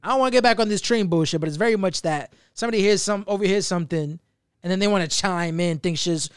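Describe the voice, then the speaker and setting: A man's voice: high voice, quick pace, smooth, no echo, clean studio sound. A man co-hosting a podcast in casual chat, rambling in a blunt, profane way. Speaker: podcast co-host.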